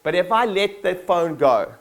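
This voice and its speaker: Speaking a little slowly with lively intonation and a high voice, a man gives a motivational keynote to his staff in a conference hall. His delivery is casual and full of fillers, and he calls on the audience to respond.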